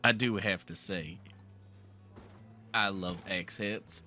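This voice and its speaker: A man playing a talkative southern gentleman from the bayou, with a Southern twang, rambling earnestly through a live game roleplay. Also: sits low, slow pace, faint music behind, heavily acted. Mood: reminiscing.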